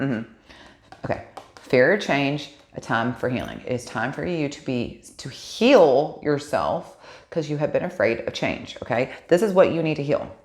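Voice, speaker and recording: A woman giving a casual tarot card reading for her channel, chatty and excitable, swearing freely as she pulls cards. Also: low-pitched. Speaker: tarot reader.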